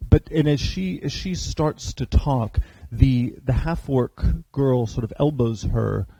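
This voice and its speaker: A man's voice: medium pitch, slow, gravelly, dark tone, husky, dry recording, rough recording. A man narrating a tabletop game as game master, hesitant, with many filler sounds, on a convention stage.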